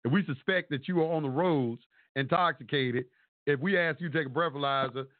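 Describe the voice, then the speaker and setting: Phoning in to a talk show, a man delivers a casual rant full of profanity, rambling and emphasis. He speaks briskly in a slightly high voice, and the tinny phone recording is dry.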